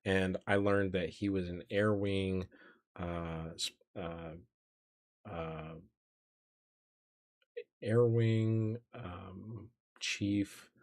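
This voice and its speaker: A man's voice: low voice, a little mellow. A male streamer telling a rambling story casually, laughing often and correcting himself.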